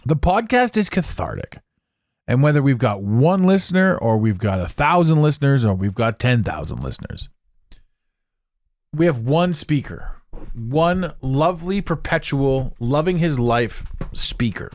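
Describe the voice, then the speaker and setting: Animated rambling male podcast host. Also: mid-range voice, measured pace, no echo, studio quality. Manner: rambling, animated, jokey self-talk. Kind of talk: solo podcast monologue. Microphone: close studio mic.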